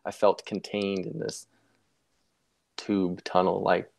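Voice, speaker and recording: A man's voice: low voice, level tone, slow pace, creaky, a little mellow. A young man telling a personal story in a casual interview, reflective and rambling, often correcting himself mid-sentence. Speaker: guest sharing a near-death story.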